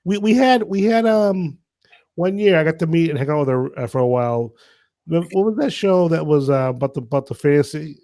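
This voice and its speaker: This man co-hosts a loose podcast chat, his voice a little higher than most men's. He tells his stories in an animated way and trips over his words often. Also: brisk. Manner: animated, stumbling storyteller. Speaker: podcast co-host.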